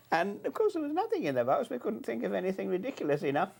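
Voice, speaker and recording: A man's voice: sits high, wildly swooping pitch, brisk, vocal fry, a little mellow, breathy edge. A man, an actor, chatting hesitantly with many fillers while he reminisces about working on a show. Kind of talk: reminiscing conversation.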